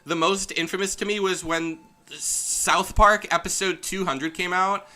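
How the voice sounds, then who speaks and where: A young man doing casual commentary on a game he is playing. He rambles from one tangent to another, with a bright voice that sits a little high. He laughs easily and slips into offhand character voices as he reads. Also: fairly even intonation, unhurried. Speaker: let's play streamer. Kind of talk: casual gameplay commentary, reading game dialogue aloud.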